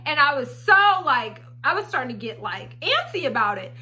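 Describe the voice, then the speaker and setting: A woman telling a personal story on her vlog in a blunt, profane, animated way. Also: high voice, normal speed. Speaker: storytelling vlogger. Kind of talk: casual storytime.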